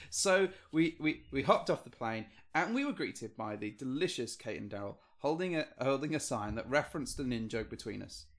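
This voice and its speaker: A man from the UK co-hosting a podcast, chatting casually and joking with playful, animated outbursts. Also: mid-range voice, moderate pace. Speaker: podcast co-host. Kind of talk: casual chat.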